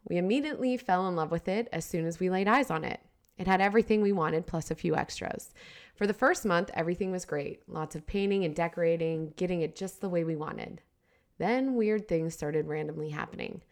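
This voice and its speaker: Brief: woman co-host, lowish voice, frank and laughing, reads a story aloud between chat. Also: a little fast. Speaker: podcast co-host.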